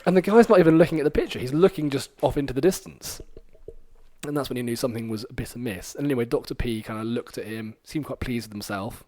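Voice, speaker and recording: A man's voice: mid-range voice, quick pace, no room sound. Man podcast host, casual rambling storyteller, fillers, mid-range voice, dry close sound. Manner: rambling and animated, many fillers, acts out quoted lines.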